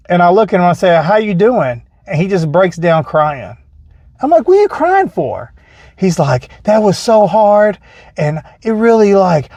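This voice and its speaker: High-voiced man telling a faith story. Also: a little mellow, dry recording. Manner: storytelling, conversational, earnest. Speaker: faith vlogger. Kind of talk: casual devotional story.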